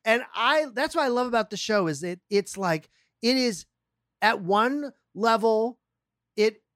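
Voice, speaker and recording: A woman in casual chat, talking in an animated, profane way with frequent laughs. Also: fairly high pitch, measured pace, dry recording, studio quality. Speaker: podcast co-host.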